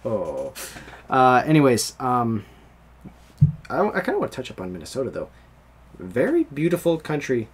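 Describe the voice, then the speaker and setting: Young american guy rambling on his podcast, lots of laughs, pitch all over the place. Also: very animated, moderate pace, long pauses, slightly rough. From United States. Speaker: podcast host. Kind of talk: casual chat.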